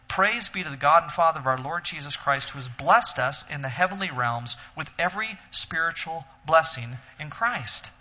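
Bright, husky man teaching from a podium. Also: on the high side. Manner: earnest, emphatic, explains step by step. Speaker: teacher leading a Bible study. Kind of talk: teaching sermon. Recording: dull sound in a reverberant hall.

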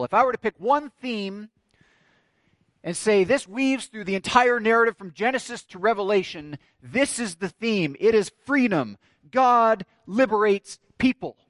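A man's voice: high voice, no echo. Emphatic man preaching a sermon. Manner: storytelling, building to emphatic declarations. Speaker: pastor.

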